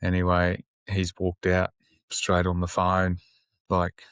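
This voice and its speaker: Deep, flat-voiced man telling a hard story. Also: slow, smooth, dry recording, clean studio sound. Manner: plain-spoken, sombre, swears freely. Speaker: police officer guest. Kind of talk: casual interview storytelling.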